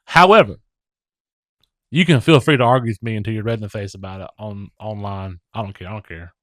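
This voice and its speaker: A man's voice: lowish voice, a bit bright, dry recording. A man co-hosting a casual podcast, often stumbling and repeating words as he works through his thoughts. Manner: halting, repeats words when thinking. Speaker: podcast co-host. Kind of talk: casual chat.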